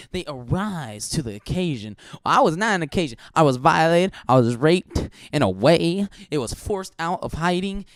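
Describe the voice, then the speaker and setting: A young man hosting a podcast, telling a story in an animated, crude, joking way and laughing often. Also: on the high side, no echo. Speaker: podcast host. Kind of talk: casual storytelling.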